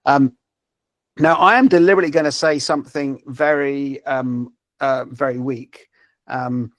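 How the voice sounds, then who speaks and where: A man's voice: mid-range voice, fairly even intonation, measured pace, a bit bright, no room sound. A man presenting a language-learning app in a live webinar, talking over a video call with many fillers and restarts. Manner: hesitant, many fillers and repeated words.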